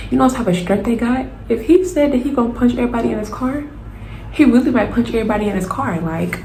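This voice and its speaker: A young woman telling a storytime to her viewers, animated and casual, addressing them directly. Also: on the high side, fairly quick. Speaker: vlogger. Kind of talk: storytime vlog. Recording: roomy echo, faint noise.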